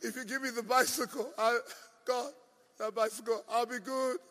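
A man's voice: very high-pitched, fairly even intonation, normal speed, bright, forceful tone. A man preaching, voicing a cheeky young boy who bargains with God, pleading in a hall. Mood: bargaining. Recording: long hall reverb.

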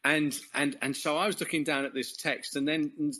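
A man's voice: on the high side, steady tone, moderate pace, sharp tone, poor audio. An English man, a course leader and interview guest, sharing a testimony in a rambling, self-correcting way with frequent chuckles. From England.

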